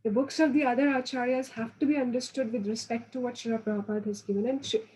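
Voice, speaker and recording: A woman's voice: fairly high pitch, steady tone, fast, darkish tone, slight background noise, rough recording. A woman giving a devotional lecture, earnest and instructive, often restarting phrases and acting out quoted voices. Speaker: spiritual teacher.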